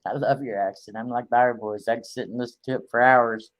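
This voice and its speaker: A man's voice: medium pitch, fairly even intonation, fast talker, no echo. A man with a Midwestern American accent, chatting on a livestream and reading out viewer comments. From Indiana, US. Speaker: livestream co-host. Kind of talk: casual livestream chat.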